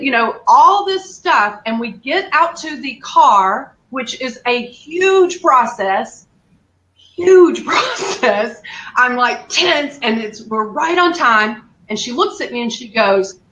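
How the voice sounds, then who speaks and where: A woman, candidly telling a lively story as an interview guest, acting out the lines she quotes. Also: a little high, a little slow, hardly any pauses. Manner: animated, acts out quotes, laughs often. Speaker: guest caring for her mother. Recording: echoey room.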